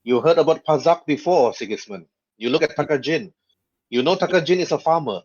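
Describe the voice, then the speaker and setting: A man narrating as game master of a tabletop game, with quick put-on voices for side characters. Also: a little high, lively intonation, darkish tone. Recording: dull lo-fi voice chat audio.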